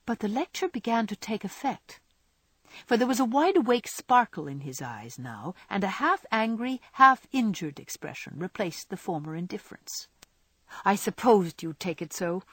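A woman reads a classic story aloud with a lively, rising-and-falling voice. Her tone is a little breathy, and the recording is close and dry with no room sound. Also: medium pitch, moderate pace, no echo. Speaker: audiobook narrator. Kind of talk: storybook narration.

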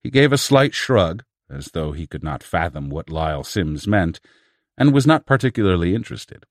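Male audiobook narrator, deep voice, dead-dry close recording, measured read. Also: big pitch swings, no echo. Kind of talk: scripted narration.

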